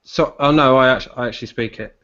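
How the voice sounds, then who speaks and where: A man's voice: mid-range voice, fast talker, fairly bright tone. A man hosts a casual live stream in an easygoing, chatty way, filling gaps with ums and uhs. His voice sits in a middle range. The audio is dull and lo-fi. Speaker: podcast host.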